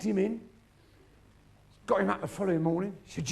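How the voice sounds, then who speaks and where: A man's voice: high voice, quick pace, vocal fry, long pauses, darkish tone. A male stand-up comedian telling a bawdy pub story on stage, swearing freely and jumping between characters' voices. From England. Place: theatre stage. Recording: live stage mic with crowd and hum.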